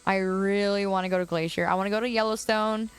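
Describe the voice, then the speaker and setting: A young woman from the Chicago area livestreams from a suburban curb outdoors. She talks at a middle pitch, chatty and loose, breaking into laughs as she answers her viewers. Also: fairly even intonation, fast, clear, resonant tone, soft background music. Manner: chatty, laughs often, answers chat comments. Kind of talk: casual chat with viewers.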